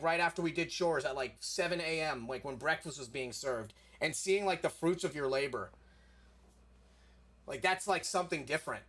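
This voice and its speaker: A man's voice: on the high side, a bit bright. Rambling young man telling a story. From South Florida. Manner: rambling, heavy on filler "like", swears casually. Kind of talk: casual storytelling chat.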